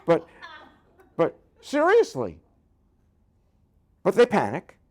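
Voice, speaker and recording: Joking his way through a conversational Bible lecture full of asides, an older rabbi keeps asking "right?". He speaks slowly in a high-pitched voice that swoops wildly in pitch.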